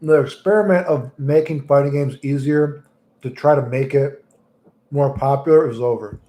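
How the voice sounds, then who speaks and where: A male streamer chatting casually with his audience in a rambling, crude, joking way. His voice sits at an average pitch for a man. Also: normal speed, dark tone. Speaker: livestreamer.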